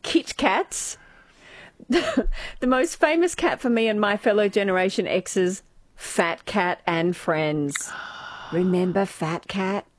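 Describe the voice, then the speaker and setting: A woman's voice: mid-range voice, a little slow, no echo. Playful woman on dry radio mic. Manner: playful, giggly, reads listener messages. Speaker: radio co-host. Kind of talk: casual chat.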